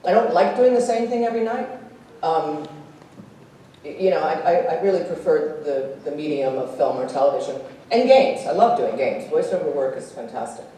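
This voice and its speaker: An actress speaking at a convention panel, animated and quick to laugh as she tells stories and acts out voices. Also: low voice. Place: convention hall stage. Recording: echoey hall, distant, faint hiss.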